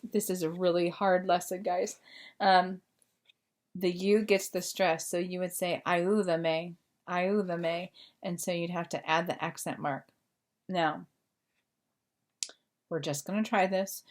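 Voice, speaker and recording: A woman's voice: on the low side, fairly even intonation, a little slow. A woman teacher explaining a grammar lesson to her students, patient and full of fillers. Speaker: Spanish teacher. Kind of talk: recorded remote class lesson.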